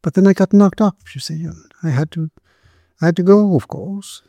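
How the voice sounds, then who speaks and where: A man putting on a shrill stammering young woman. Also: moderate pace, gravelly, mellow, no echo, dull audio. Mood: explaining. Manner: stammering, pleading. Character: poor timid young woman, shrill and lisping.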